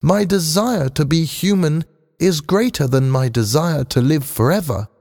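A man voicing a calm robot longing to be human. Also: on the high side, creaky, in a large hall, voice pushed up. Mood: earnest. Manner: calm, measured, earnest. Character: robot who wants to be human, calm and earnest.

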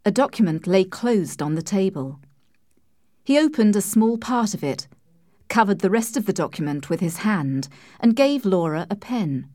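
A woman narrating a classic novel in a calm, measured storytelling voice. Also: medium pitch, no room sound, studio quality. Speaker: audiobook reader. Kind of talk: scripted narration.

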